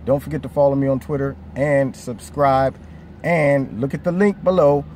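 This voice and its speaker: A man's voice: mid-range voice, fairly even intonation, normal speed, a little mellow, a little hiss or hum. A man giving his opinion in a vlog, conversational and emphatic. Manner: conversational, emphatic, slips into quoted voices. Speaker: vlogger. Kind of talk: opinion commentary.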